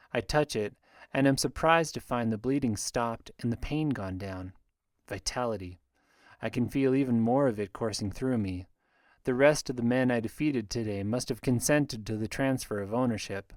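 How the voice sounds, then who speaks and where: A man narrating a fantasy audiobook in a measured storytelling voice, lightly voicing the characters. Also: mid-range voice, no echo, studio quality.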